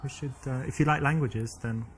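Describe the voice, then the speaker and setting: A man's voice: mid-range voice, fairly even intonation, brisk, soft background music. Cocky English-accented man. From England. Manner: cocky, boastful, joking. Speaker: dating coach and game host. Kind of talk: casual flirting and coaching commentary.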